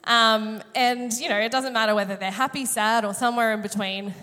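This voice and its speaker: A woman's voice: a little high, fairly even intonation, fairly quick, bright, forceful tone. A woman, preaching a sermon through a chatty, self-mocking personal story, her voice a little strained today. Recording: long hall reverb.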